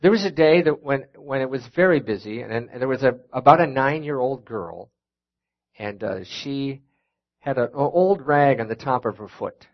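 A man's voice: medium pitch, animated, moderate pace, lo-fi sound. A middle-aged man with a Minnesota accent, speaking as a guest preacher in a church, telling personal stories with folksy, self-deprecating humor. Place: church sanctuary.

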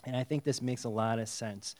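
A man preaching a conversational sermon, reading Bible verses and acting out the dialogue in a casual, lively way. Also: medium pitch, a little fast. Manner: conversational, animated, acts out the dialogue.

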